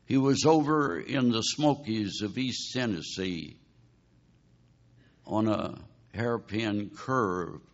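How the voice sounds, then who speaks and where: Slow, low-voiced preacher on lo-fi recording. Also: male voice. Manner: dramatic storytelling, pleading with listeners. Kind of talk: sermon. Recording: dull lo-fi recording.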